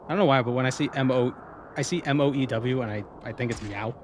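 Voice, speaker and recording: A man's voice: medium pitch, fast, background noise. A man streaming a game, chatting casually and reading viewer comments aloud before answering them. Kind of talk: casual live-stream chat.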